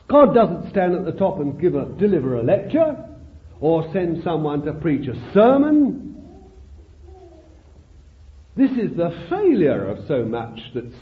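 Male preacher, sermon delivery, high and lively voice, fervent and exclaiming; tinny phone-like old tape.

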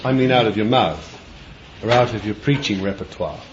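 A man preaching a sermon, dramatic and deliberate, moving from quiet musing to loud cries and drawing out his words. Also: fairly low pitch, lively intonation. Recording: dull lo-fi recording with faint ambient noise.

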